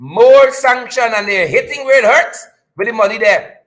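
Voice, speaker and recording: A man's voice: high voice, lively intonation, brisk, bright, forceful tone, low-quality recording. A man with a Guyanese accent hosting a live-stream news show, jokey and hyped-up, repeating his lines for effect.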